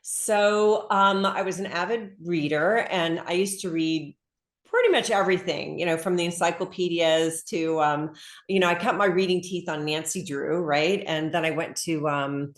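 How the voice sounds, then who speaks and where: A middle-aged woman author talks in a loose, chatty way with plenty of fillers and quick laughs. Her voice sits fairly low. She is heard over a video call in a room with a noticeable echo. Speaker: author guest. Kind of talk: casual interview chat. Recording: echoey room.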